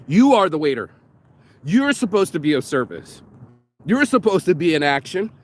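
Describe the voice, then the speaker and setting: A man's voice: fairly high pitch, sing-song, moderate pace. A man delivering a profane, rambling rant, circling back with restarts as he talks. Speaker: vlogger. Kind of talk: ranting monologue.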